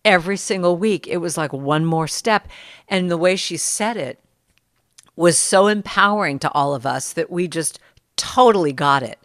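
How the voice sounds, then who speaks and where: A middle-aged woman telling stories as a guest in a casual podcast conversation, lively when she quotes others. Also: on the low side, moderate pace, no echo, clean studio sound. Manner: storytelling, animated when quoting others.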